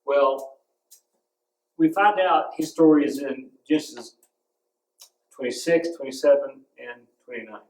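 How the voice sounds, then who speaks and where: A man's voice: medium pitch, unhurried, pauses often. A man preaching a sermon, telling stories and hammering home points with emphatic repetition. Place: church sanctuary. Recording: roomy echo, from a distance.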